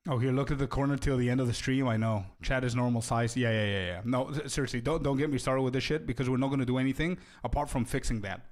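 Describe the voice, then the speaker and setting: A man's voice: medium pitch, quick pace, hardly any pauses. A young man streaming, chatting casually with his viewers and thanking donors. He laughs often, stumbles into restarts, and keeps calling people bro and dude.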